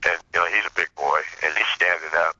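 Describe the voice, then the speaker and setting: A man as an interview guest, telling a sarcastic, animated story in a remote interview. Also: low voice, a little fast, no echo, lo-fi sound. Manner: animated, sarcastic storyteller acting out courtroom exchanges.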